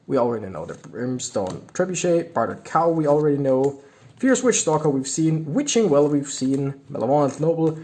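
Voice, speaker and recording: Young adult man, fairly high and very animated voice, casual card-opening commentary with excitable outbursts. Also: normal speed. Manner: reads card text aloud, excitable reactions. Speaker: YouTuber opening card packs.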